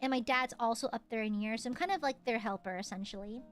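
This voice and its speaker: Young woman streamer, high bright voice, chatty, rambling, quick to laugh. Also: faint music behind. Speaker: VTuber streamer. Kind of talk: casual chat.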